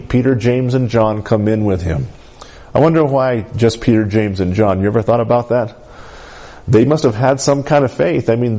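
A man preaching a sermon to a congregation, often asking "Amen?" and lifting his voice for emphasis. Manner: animated, rising pitch for emphasis, calls of "Amen?".

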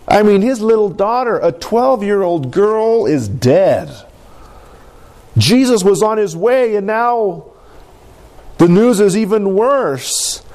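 A man's voice: high voice, darkish tone. A man preaching a sermon, telling personal stories and building to emphatic, rising exhortations. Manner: storytelling, emphatic with rising intensity.

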